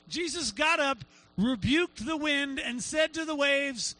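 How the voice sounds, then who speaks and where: High, bright-voiced animated preacher man. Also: a little fast, no echo, low-quality recording. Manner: animated storytelling, acts out quotes. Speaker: pastor. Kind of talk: sermon.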